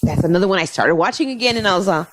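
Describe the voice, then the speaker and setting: A woman comedian chatting casually on a podcast, telling stories in an animated, rambling way and swearing freely. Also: lowish voice, rapid-fire, background noise. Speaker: guest comedian.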